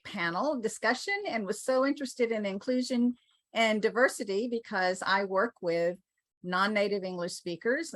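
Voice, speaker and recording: A woman's voice: medium pitch, no room sound. A woman who teaches English as a second language, introducing herself in a friendly way as a panelist on a video call. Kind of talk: online panel discussion.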